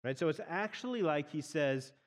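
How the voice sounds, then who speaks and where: A man's voice: a little high, lively intonation, moderate pace, big-room sound. A man preaching an expository sermon as pastor, often repeating phrases as he explains a text.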